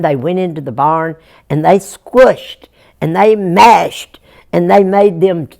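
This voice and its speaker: A woman's voice: sits low, vocal fry, a little mellow. A woman telling a Jack tale as a folk storyteller, folksy and chuckling, speaking straight to her young listeners.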